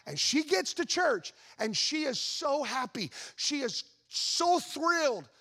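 Pastor guy preaching, really high voice, tells a story and keeps asking the crowd questions. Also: slow. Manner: animated storytelling with voiced asides; rhetorical questions to the congregation. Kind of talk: sermon.

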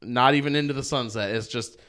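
A man's voice: mid-range voice, a little fast, crowd noise. A young man co-hosting a casual movie review podcast, acting out scenes in silly voices. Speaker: podcast co-host.

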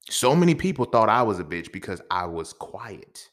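Low-voiced man telling a lively story. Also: normal speed. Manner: profane, animated, restless storytelling with slang. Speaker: podcast host. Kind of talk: casual storytelling monologue.

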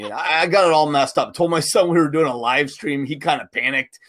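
Middle-aged man, pastor, casual podcast chat, earnest, many fillers, somewhat high-pitched. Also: fast, fairly bright tone. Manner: chatty and earnest, with frequent fillers and restarts. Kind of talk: casual podcast Bible discussion.

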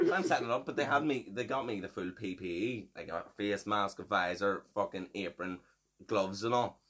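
A man's voice: on the low side, fairly quick, fairly bright tone. A man, hosting a podcast and telling a story in a casual, swearing, laughing way. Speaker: podcast host.

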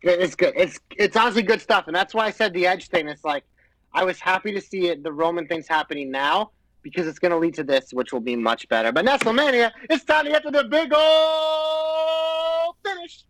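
High-voiced man in relaxed podcast chat. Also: fast, dry recording, poor audio. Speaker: podcast co-host. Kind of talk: casual chat.

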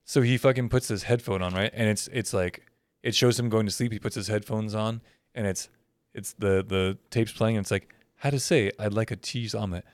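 A man's voice: lowish voice, steady tone, a little fast, no room sound, clean studio sound. A young man in casual chat, telling stories loosely and crudely and slipping into goofy character voices. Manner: profane storyteller doing goofy character voices.

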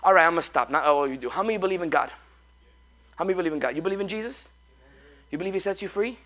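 High voiced guy pastor, really bright tone, jokey animated sermon, egging the congregation on. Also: rapid-fire. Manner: animated, joking, coaxing the congregation. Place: church.

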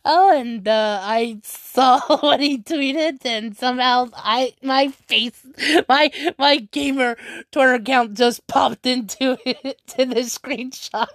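A woman's voice: high voice, takes it slowly, fairly bright tone, no room sound, studio quality. A woman chatting casually in a vlog, rambling with frequent laughs and restarts.

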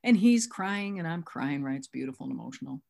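A woman's voice: low-pitched, animated, brisk, vocal fry, mellow, a little hiss or hum. A middle-aged woman at a recovery workshop, recounting a sponsorship story and acting out both sides of the dialogue. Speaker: workshop speaker.

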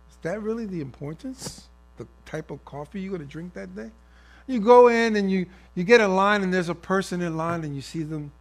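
A man's voice: on the high side, animated, moderate pace. A man preaching a sermon, acting out everyday scenes in different voices.

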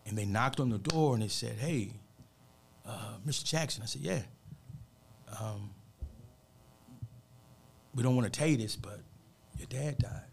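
Gravelly, earnest motivational speaker. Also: male voice, medium pitch, unhurried, pauses often. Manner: earnest, preachy, peppers speech with "man". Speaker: motivational speaker, radio guest. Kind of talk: emotional personal storytelling.

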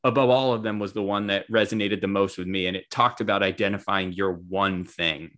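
A man hosting an interview, asking measured, thorough questions. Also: low-pitched, steady tone, a bit bright. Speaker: interview host.

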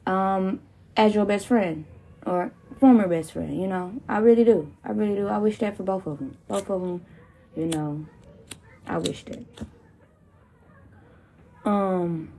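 A woman's voice: mid-range voice, slight background noise. Profane ranting woman podcaster. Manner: profane, animated, laughing asides. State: recovering from pneumonia. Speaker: podcast host. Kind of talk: casual solo rant.

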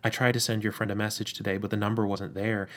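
A man voicing a male demon who talks in halting, hesitant phrases in a low voice. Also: flat delivery, a bit bright, lightly acted. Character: male demon, scheming yet tender.

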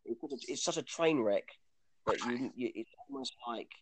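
A man's voice: medium pitch, normal speed, noisy background. A man chatting casually about films, rambling with lots of restarts and fillers.

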